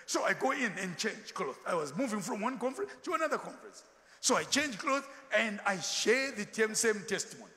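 A man preaches with a high, lively voice that swings widely in pitch. His tone is bright and forceful. The long echo of a large church hall trails behind his words. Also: fairly quick. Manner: animated, switching into Ndebele asides and acted quotes. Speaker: pastor. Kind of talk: sermon.

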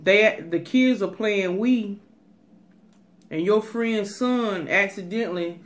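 A woman vlogger chatting casually to her viewers, giving emphatic advice and repeating herself for emphasis. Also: medium pitch. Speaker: cooking and mukbang vlogger. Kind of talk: casual chat.

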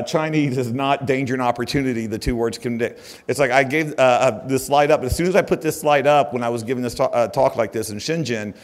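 A man giving a conference keynote, chatty and animated, loading his talk with "uh" and "it's like" fillers and leaning into mock-outraged emphasis. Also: mid-range voice. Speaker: keynote speaker. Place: conference stage.

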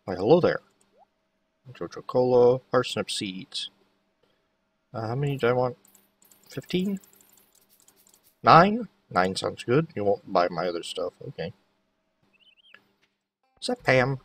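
A man's voice: mid-range voice, sing-song, slow, pauses often, a bit bright, recorded from a distance. A man giving casual gameplay commentary, chatting to the characters as he plays. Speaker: let's play host.

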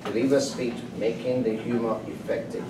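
A man acting as the meeting emcee, giving a formal introduction of the next speaker in a measured, announcing way. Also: mid-range voice, steady tone. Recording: echoey room, distant mic, background noise.

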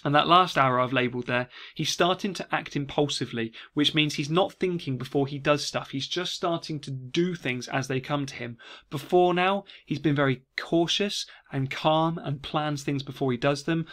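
A man's voice: fairly high pitch, normal speed. Chatty male teacher. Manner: chatty, lively reading of quoted lines. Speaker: English teacher. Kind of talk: casual revision lesson.

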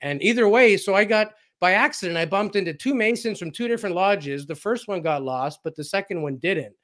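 A man's voice: sits high, lively intonation, a little fast, a bit bright. Man telling stories in an interview. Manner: anecdotal, acts out quoted dialogue, frequent fillers. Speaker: interview guest, researcher. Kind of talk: casual storytelling in a radio interview.

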